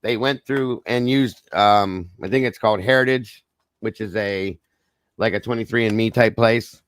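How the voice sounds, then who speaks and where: Male stream host, low and dry, voice strained, reading reports with casual asides. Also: moderate pace, dry recording. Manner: conversational, addresses viewers as guys, frequent okays and apologies. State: voice strained, trying not to lose it. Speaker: true crime livestream host. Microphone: streaming microphone.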